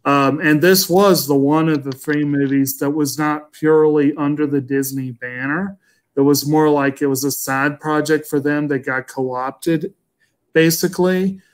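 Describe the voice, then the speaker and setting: A man in his thirties co-hosting a casual movie podcast, relaxed and agreeable, thinking aloud. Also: a little high, a little slow. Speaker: podcast co-host.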